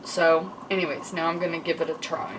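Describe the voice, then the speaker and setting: A woman's voice: sits low, fairly even intonation, a little fast, very noisy. A woman hosting a casual cooking vlog in her home kitchen, chatting and rambling as she thinks aloud. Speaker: home cook and channel host. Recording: distant mic, kitchen clatter behind.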